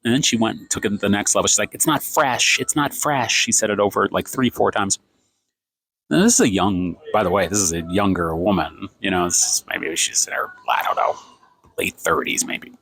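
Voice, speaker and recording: A man's voice: sits low, fairly quick, gravelly, fairly bright tone, breathy edge, dry recording. A man in his fifties ranting sarcastically in a vlog, filming himself on a phone in a café. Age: 50s. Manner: exasperated, sarcastic, rambling. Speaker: vlogger. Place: café, indoors.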